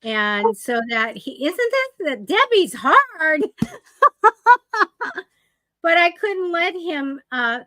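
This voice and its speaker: A woman's voice: sits high, very animated, slow pace, long pauses, bright, forceful tone, no room sound. A woman co-hosting a casual live psychic-reading stream, talking emphatically with stumbling repeats. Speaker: psychic reader co-host.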